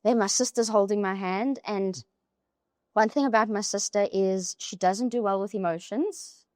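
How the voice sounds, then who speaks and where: Young woman, guest storyteller, lively and chatty, dry close sound. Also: mid-range voice, normal speed, no room sound. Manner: animated, with many "like" fillers. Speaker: podcast guest. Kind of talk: emotional personal storytelling.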